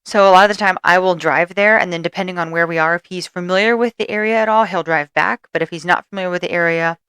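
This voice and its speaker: A woman co-hosts a podcast, chatting casually and laughing often. Her voice is on the low side, steady, fast and fairly bright, captured in clean studio sound with no echo.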